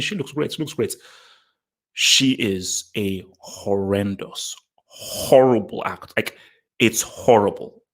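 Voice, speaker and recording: A man hosting a casual question-and-answer talk to camera, blunt and emphatic, repeating himself with many fillers. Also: fairly low pitch. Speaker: host answering viewer questions.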